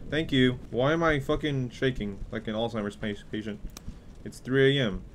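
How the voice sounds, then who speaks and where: A young man giving crude, joking let's play commentary while playing a horror game, swinging between yelling and muttering. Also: lowish voice, brisk, slight background noise. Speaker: gaming youtuber.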